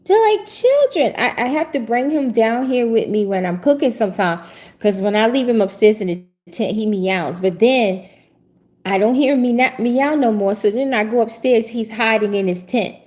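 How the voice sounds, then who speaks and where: A middle-aged host, chatting casually in a somewhat high voice. She talks in a lively, rambling way and laughs often. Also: normal speed. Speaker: prophetic show host. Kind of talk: casual livestream chat.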